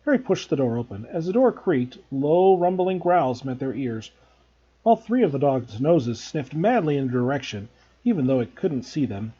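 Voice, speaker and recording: Husky-voiced man reading a story aloud. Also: medium pitch, big pitch swings, moderate pace, mellow, lo-fi sound. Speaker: teacher. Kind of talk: storybook read-aloud narration.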